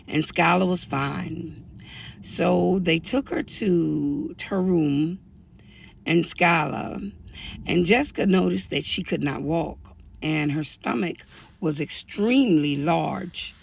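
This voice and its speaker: A woman's voice: fairly low pitch, slow, vocal fry. An older woman telling a family story as personal testimony, earnest and pleading as she warns other women. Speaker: storyteller sharing a family account.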